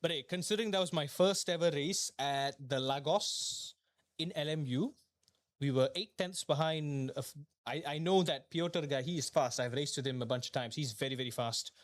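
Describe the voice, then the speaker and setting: High-voiced man ranting while sim racing. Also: moderate pace. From Malaysia. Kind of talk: live gaming stream commentary.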